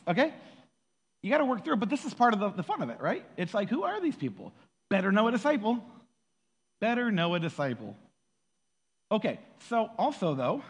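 Animated man preaching in an echoey hall. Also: high voice. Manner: animated, acts out quoted voices, laughs often. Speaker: pastor. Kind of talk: casual sermon.

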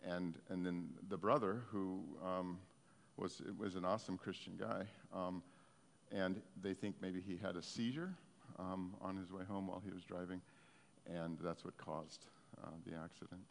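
A man's voice: deep voice, steady tone, moderate pace, gravelly, slight background noise. A man preaching a sermon, telling stories in an earnest, heartfelt way. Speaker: pastor. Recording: long reverb of a hall.

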